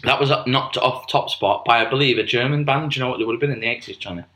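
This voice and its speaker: A man's voice: mid-range voice, rapid-fire, bright, forceful tone, reverberant, faint music behind. A British man co-hosting a podcast, chatting casually and joking. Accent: British English. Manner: jokey, bantering, breaks into put-on voices. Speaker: podcast co-host. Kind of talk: casual chat.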